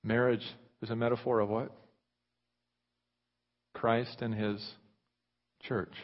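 A man preaching a sermon, moving from loud, fervent delivery to hushed near-whispers. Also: medium pitch, level tone, slow pace. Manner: impassioned, rising loud then dropping to near whispers. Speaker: pastor. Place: church sanctuary. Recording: muffled reverberant hall recording.

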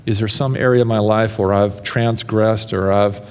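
A man preaching a sermon as a pastor, earnest, building to fervent emphasis and falling to soft pleas. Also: on the low side, fairly even intonation, moderate pace, big-room sound.

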